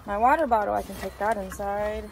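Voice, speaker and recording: A woman's voice: mid-range voice, fairly quick, gravelly, a little hiss or hum. A young woman in her twenties, chatting casually for her vlog in an upbeat way with lots of fillers. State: out of breath. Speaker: vlogger. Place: in her car, then at home by a bookshelf.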